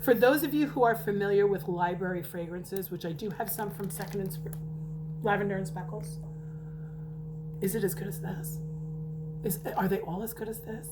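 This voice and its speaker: A woman's voice: medium pitch, normal speed, pauses often. A middle-aged woman at home, chatting casually and rambling as she reviews wax melts, swearing now and then. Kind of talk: casual chat. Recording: noticeable background noise.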